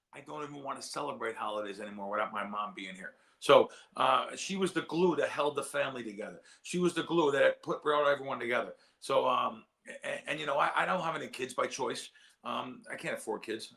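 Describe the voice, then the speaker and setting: A man's voice: medium pitch, vocal fry, sharp tone. A man on a sports betting show, talking in a rambling, heartfelt way and often repeating his words. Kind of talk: casual chat.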